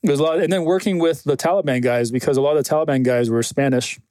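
A man from Afghanistan in his thirties tells stories in easy, loose podcast talk. He's animated, swears freely and slips into the voices of the people he quotes. The recording is dry and close. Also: a little high, fast talker, dry recording. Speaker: guest, former Green Beret. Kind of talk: casual conversational storytelling.

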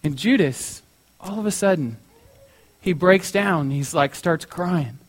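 A man's voice: sits high, slow. A young man preaching in a casual, chatty way, telling a story with many fillers like "you know".

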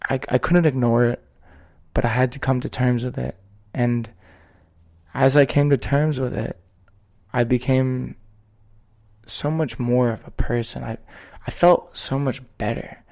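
A man talks slowly and earnestly as a podcast host, his voice carrying a gravelly fry. He takes his time and weighs each phrase, with a voice neither high nor low. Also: steady tone, darkish tone. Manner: slow, measured, earnest storytelling. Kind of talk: reflective podcast conversation.

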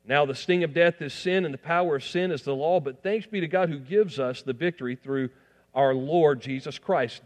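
A man pastor preaching a sermon, building to emphatic peaks and dropping to quiet asides. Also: sits high, long reverb tail.

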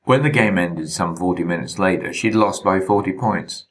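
Wry, deep-voiced storyteller man. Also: normal speed. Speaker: narrator. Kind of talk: memoir reading.

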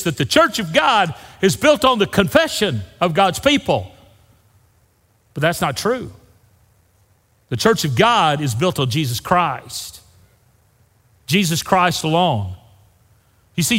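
A man preaches to his congregation with a lively, swooping delivery that sits a little high. He hammers his points, then drops to a hushed low for the key phrases. His voice rings out with the long reverb of a church hall. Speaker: pastor. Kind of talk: sermon. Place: church sanctuary.

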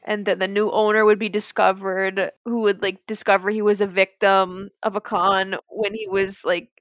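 A young woman with a Midwestern accent, co-hosting a casual podcast chat and telling stories in an animated, giggly way. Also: mid-range voice, normal speed, no echo. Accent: Midwestern American. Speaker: podcast co-host.

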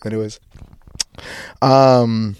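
A man's voice: mid-range voice, steady tone, extremely slow, a little mellow, clear, resonant tone, no room sound, dull audio. A young man hosting a podcast, talking through a casual personal monologue in a rambling way, with many restarts and casual swearing. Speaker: podcast host.

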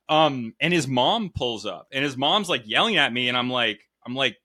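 Male podcast host, bright voice, loose storyteller. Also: mid-range voice, moderate pace. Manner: storytelling, swearing, animated. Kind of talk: casual chat. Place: Connecticut home.

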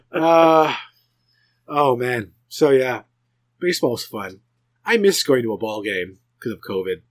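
A man with a slightly high voice, rambling through a story with lots of restarts and sudden jumps in pitch. He hosts a relaxed podcast chat. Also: a little slow, pauses often. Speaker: podcast host. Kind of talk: casual chat.

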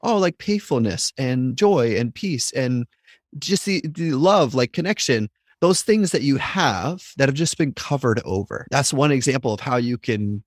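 A man's voice: mid-range voice, expressive, unhurried, no room sound, clean studio sound. A man hosting an interview conversation, casual, often laughing and saying "like".

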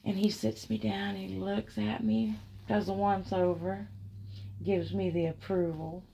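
A woman telling a first-person erotic story, drawing out her words with soft murmurs and frequent giggles. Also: medium pitch, little pitch movement, a little slow, gravelly, slight background noise.

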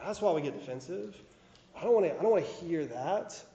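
A man's voice: fairly high pitch, lively intonation, fairly quick, warm tone, roomy sound, highs cut off, a little hiss or hum. A man preaching a sermon in a conversational way, with frequent fillers and restarts. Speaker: pastor.

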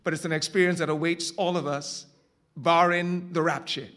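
Guy preaching in church, kinda high bright voice, slows way down on the big lines. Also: fairly even intonation. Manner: dramatic preaching, swings from hushed to loud, drawn-out emphasis. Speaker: pastor. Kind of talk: sermon.

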